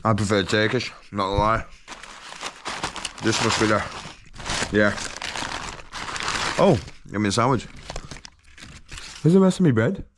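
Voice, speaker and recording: A young man, chatting excitedly to camera on a travel vlog, slangy and laughing often. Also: on the low side, unhurried, long pauses, background noise. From England. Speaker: travel vlogger. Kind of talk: casual vlog chat to camera. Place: glamping site outdoors.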